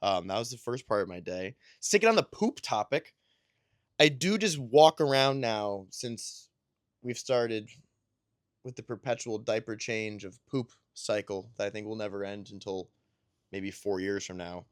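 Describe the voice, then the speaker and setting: A man's voice: on the low side, measured pace, no echo, studio quality. A man chatting casually about his week as a new father, telling rambling, self-deprecating stories. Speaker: podcast host and new father. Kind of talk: casual chat.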